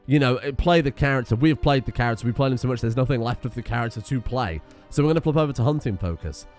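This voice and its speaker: A man's voice: medium pitch, quick pace, a little mellow, soft background music. A man casually commenting on his strategy game as he plays, chatty, swearing freely and often getting sidetracked. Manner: chatty, profane, easily sidetracked. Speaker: gaming streamer.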